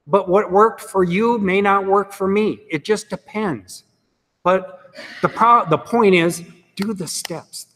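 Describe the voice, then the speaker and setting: A man's voice: high-pitched, fairly bright tone, big-room sound. Earnest man sharing his recovery story. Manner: earnest, conversational, frequent "you know" and "let me tell you". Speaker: recovery meeting speaker. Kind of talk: personal testimony talk.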